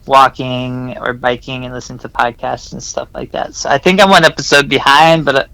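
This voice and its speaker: A man's voice: medium pitch, steady tone, a little fast, creaky, bright, forceful tone, low-quality recording. A man chatting as a stand-in co-host in a laid-back, slangy way. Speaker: guest co-host, host's brother. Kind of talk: casual comedic chat.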